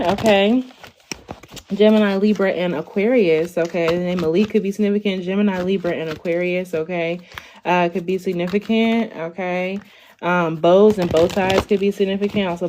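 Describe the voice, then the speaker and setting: Chatty young woman tarot reader, lower voice. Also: a little mellow, a little hiss or hum. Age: 20s. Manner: chatty, ends lines with "okay?", lots of "like" and "y'all". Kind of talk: casual tarot reading livestream.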